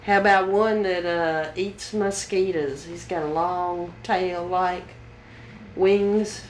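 A woman interviewer asking slow, prompting questions about local words. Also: lowish voice, steady tone. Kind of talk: dialect survey interview. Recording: echoey room, light noise.

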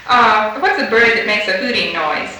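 A woman's voice: mid-range voice, expressive, moderate pace, pushed and bright, recorded from a distance. A woman fieldworker running a structured interview, patiently prompting with fill-in-the-blank questions. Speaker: dialect fieldworker. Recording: very echoey room, faint hiss, off-mic.

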